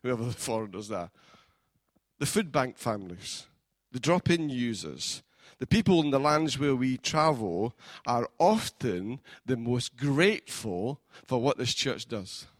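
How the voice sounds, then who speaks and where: Animated, lively preaching man. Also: medium pitch, unhurried, no room sound. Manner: animated preaching, builds to shouting. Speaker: pastor. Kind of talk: sermon. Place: church.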